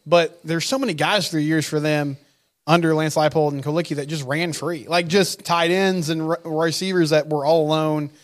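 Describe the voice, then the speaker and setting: A man's voice: a little high, steady tone, normal speed. A man co-hosting a sports podcast, giving analysis and dry asides in casual chat. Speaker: podcast co-host.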